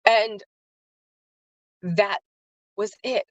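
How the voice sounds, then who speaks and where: The recording is dry and muffled, capturing a woman with a steady, medium-pitched voice speaking very slowly. A livestream host and faith-based business coach, she gives a sincere, emotional motivational talk, greeting viewers by name and using repetition for emphasis.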